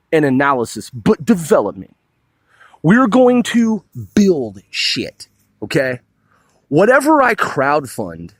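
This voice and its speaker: A man's voice: sits high, dry recording. A man ranting in a profane, combative and boastful monologue, peppering his speech with "dude". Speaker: crowdfunding campaigner.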